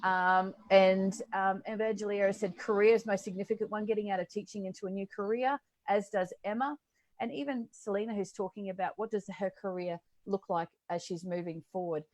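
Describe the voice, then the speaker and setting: A woman's voice: mid-range voice, steady tone, brisk, darkish tone. Encouraging woman co-host, casual chat. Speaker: co-host and coach.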